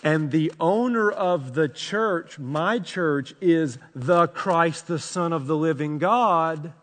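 A man preaching a sermon as pastor, impassioned and pleading, swinging between hushed and loud passages. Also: a little high, takes it slowly, hardly any pauses. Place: church sanctuary. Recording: long hall reverb.

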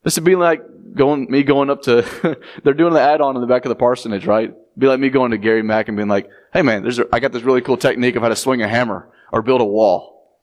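A male pastor preaches in a relaxed, conversational way. He slips into the voices of the people he quotes and jumps up in pitch for emphasis, keeping a moderate, even tone otherwise. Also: quick pace. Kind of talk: sermon.

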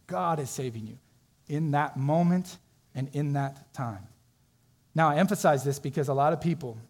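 A middle-aged man preaches with earnest emphasis, acting out the people he quotes as he makes his point. His voice sits in an ordinary middle pitch. He is a pastor delivering a sermon. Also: a little mellow. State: emotional, tearful at times.

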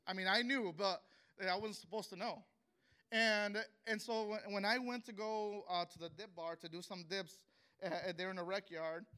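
A young man tells his testimony in a high, bright voice with a clear, resonant tone. He speaks earnestly and with feeling, often stopping and starting again mid-sentence. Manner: earnest and emotional, halting with many restarts. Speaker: speaker sharing a personal testimony. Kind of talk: emotional spoken testimony.

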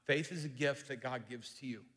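A man's voice: mid-range voice, brisk, fairly bright tone, big-room sound. A man preaching a conversational sermon who often repeats himself and restarts phrases. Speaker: pastor.

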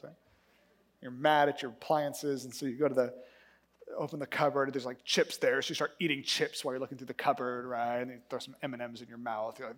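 A man preaching a sermon, telling a story with lively, acted-out character voices. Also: a little high. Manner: animated storytelling, acting out characters in quick voices. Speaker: pastor.

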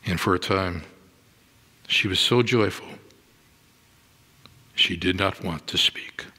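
A man preaching a sermon in a church, slow and deliberate, giving dramatic readings of scripture. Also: low-pitched, bright, forceful tone, breathy edge. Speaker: pastor. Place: church sanctuary. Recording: long hall reverb.

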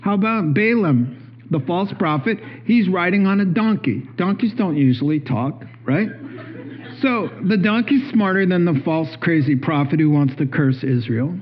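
A male pastor preaching a sermon in an animated way, with joking asides and rhetorical questions. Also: a little high, a little hiss or hum. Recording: dull lo-fi recording.

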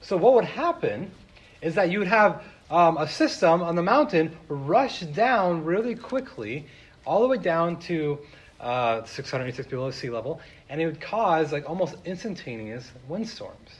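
A man's voice: fairly high pitch, very animated, moderate pace, husky. A man preaching a sermon, retelling a story in a casual, chatty way with many fillers. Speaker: pastor.

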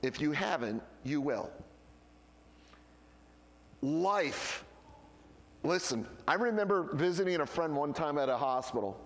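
An animated male pastor delivers a sermon, firing off rhetorical questions before dropping to quiet asides. His voice sits high and swings widely in pitch. A long reverb trails each phrase, as in a church sanctuary. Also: a little slow, pauses often.

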